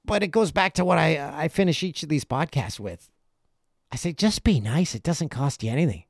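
A middle-aged man hosting a podcast, telling a casual story and acting out other people's lines in quick asides. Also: on the high side, sing-song, creaky, dry recording, studio quality. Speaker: podcast host.

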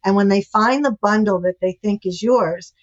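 A woman's voice: medium pitch, moderate pace. Woman telling a story over dull lo-fi audio. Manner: animated anecdotal storytelling. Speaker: guest, author and relationship expert. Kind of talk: storytelling in a podcast interview.

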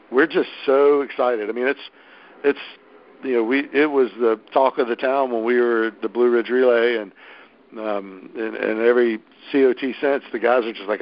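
A man's voice: mid-range voice, highs cut off. A man organizing a hosted event, chatting casually and enthusiastically with many restarts. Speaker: local event host organizer. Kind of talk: casual podcast chat.

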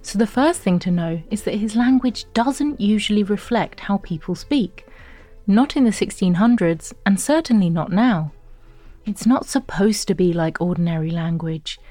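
A woman narrating an educational course in a clear, even, instructive scripted read. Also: medium pitch, a little slow, soft background music.

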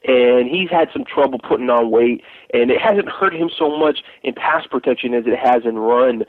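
Man, football recruiting talk, rambling with fillers, mid pitch, phone-like tinny audio, dry. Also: moderate pace, no room sound. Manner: rambling, with many fillers and restarts. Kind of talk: casual podcast chat.

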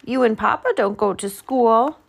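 A woman voicing a small, stubborn young male bear cub in an eager, higher childlike voice, in a storybook read-aloud. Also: normal speed, vocal fry, husky.

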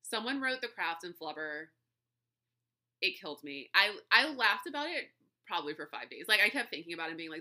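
Effusive, chatty woman with a bright voice. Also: on the low side, lively intonation, quick pace. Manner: chatty and effusive, laughs often. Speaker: podcast host. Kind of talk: casual solo podcast chat.

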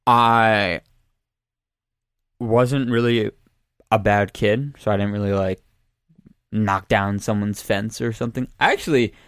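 A man's voice: fairly low pitch, fairly even intonation, takes it slowly, long pauses, a bit bright, smooth, no room sound, studio quality. A young man talking casually as a podcast guest, rambling and playfully defensive.

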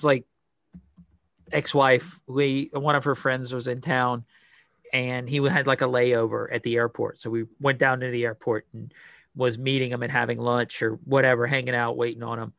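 A man's voice: medium pitch, flat delivery, moderate pace, vocal fry, a bit bright, dry recording. A man co-hosting a podcast in easygoing casual chat, often giving short replies. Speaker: podcast co-host.

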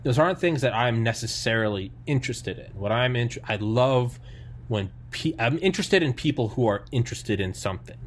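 A tired man hosting a podcast in casual chat, animated and profane, laughing often. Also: mid-range voice, brisk, a little hiss or hum. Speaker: podcast host.

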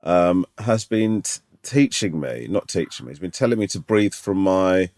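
A man's voice: low-pitched, lively intonation, normal speed, darkish tone, no echo. A man co-hosting a podcast, teasing his friend in casual, dry banter. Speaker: podcast co-host. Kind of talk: casual chat.

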